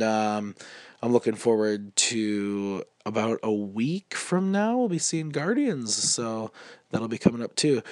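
A man's voice: medium pitch, darkish tone, dry recording. A man with a stuffy head cold giving a casual, upbeat movie review, with lots of ums.

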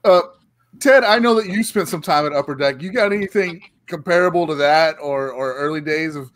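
A man's voice: a little high, a little fast. Man casually prompting a guest.

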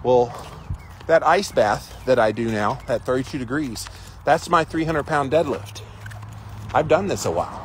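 A man's voice: mid-range voice, lively intonation, moderate pace, a little hiss or hum. A man hosting a casual livestream outdoors, talking emphatically and greeting viewers by name, with chickens clucking nearby. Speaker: livestream host.

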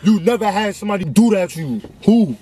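High-voiced young man teasing in a car. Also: expressive, fast talker, dark tone, husky.

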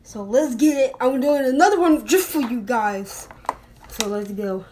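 Woman w slight british accent rambling in her bedroom vlog, kinda high voice, lots of noise behind. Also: a little slow, a little mellow. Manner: rambling, apologetic, unscripted. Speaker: vlogger. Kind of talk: casual home vlog. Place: bedroom at home. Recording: noisy home recording.

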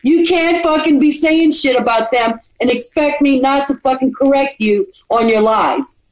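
Brief: angry woman streamer, high voice, swearing tirade, dull muffled audio. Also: moderate pace, a little mellow. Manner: furious, profane, repetitive and threatening. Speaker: livestreamer. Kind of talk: angry confrontational rant.

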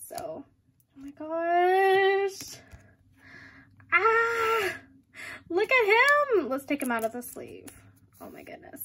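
A young woman unboxing collectibles in a casual vlog, excitable and gushing, often giggling. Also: high-pitched. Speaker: vlogger.

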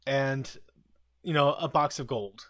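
A man hosting a casual live stream, retelling a TV episode scene by scene with quick quoted lines and frequent chuckles. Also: mid-range voice, a bit bright. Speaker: live commentary host.

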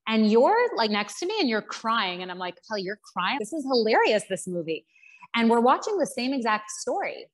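A woman, a parenting coach and podcast guest, explaining her ideas earnestly and drawing on examples and quotes. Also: mid-range voice.

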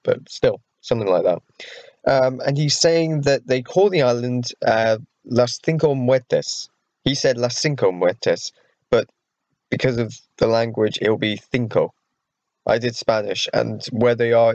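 A young man vlogging casually about upcoming films, rambling with many fillers like an excited fan. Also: medium pitch, dry recording, lo-fi sound. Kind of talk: casual vlog talk.

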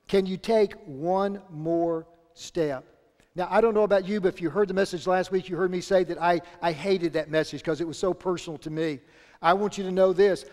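A man's voice: sits high, a little mellow, in a large hall. A male pastor preaching a sermon in an earnest tone, repeating key phrases for emphasis. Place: church sanctuary.

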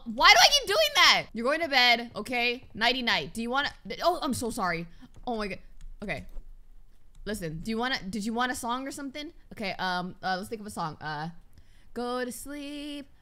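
A young woman doing casual let's-play commentary on a horror game, animated and jokey and easily startled. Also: on the high side. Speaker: gaming YouTuber.

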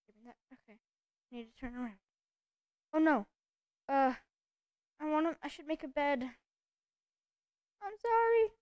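Excitable high-voiced young woman gamer. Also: a little slow, pauses often, dry recording. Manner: chatty, excitable, talks to herself. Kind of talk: let's play commentary.

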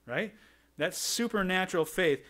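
A middle-aged pastor speaks a little slowly in a high, animated, fairly bright voice. His sermon is built on stories, and he voices the people who appear in them.

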